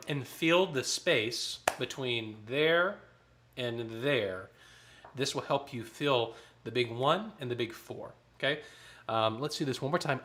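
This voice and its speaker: A choir director with a mid-range voice leads an online rehearsal, explaining the tenor parts, counting off rhythms, and singing parts aloud as he instructs. A piano sits nearby, and there's some background noise.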